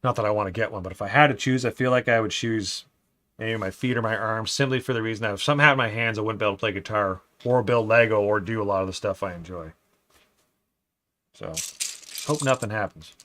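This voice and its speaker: A man hosting a casual live stream from his desk, chatting easily, reading viewer comments aloud and often calling people "man", sometimes trailing into a quiet mutter while he builds. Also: on the low side, quick pace.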